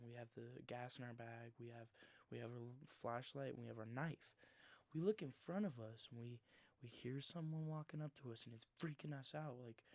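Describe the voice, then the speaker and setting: Gravelly young dude in his 20s telling a story, rambly and slangy, dry close sound. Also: medium pitch, dry recording. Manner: rambling, slangy, dropping to a hushed near-whisper for tense moments. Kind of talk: casual first-person storytelling.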